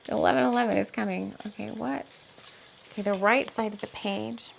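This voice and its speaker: A woman's voice: mid-range voice, steady tone, a little fast, creaky, a little hiss or hum. A woman who is an author doing an intuitive spiritual reading, thinking aloud with many asides while she reads from her book.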